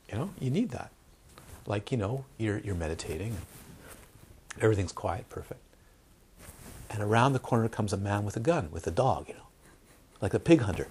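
A man's voice: fairly low pitch, lively intonation, normal speed, long pauses, a little mellow, slight background noise. A man, a meditation teacher, giving a dharma talk, telling stories with repeated phrases and acted-out quotes. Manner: storytelling with repetitions and acted-out quotes.

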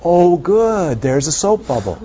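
A man's voice: fairly high pitch, big pitch swings, unhurried, dark tone. A man giving a meditation talk, repeating phrases and asking playful rhetorical questions, on a dull lo-fi recording. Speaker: meditation teacher. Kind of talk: dharma talk. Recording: dull lo-fi recording, faint hiss.

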